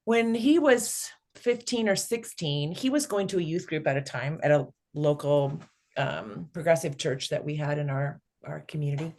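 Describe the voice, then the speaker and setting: A woman's voice: low-pitched, moderate pace, darkish tone. A middle-aged woman, a guest on an interview podcast, telling a family story and acting out the dialogue.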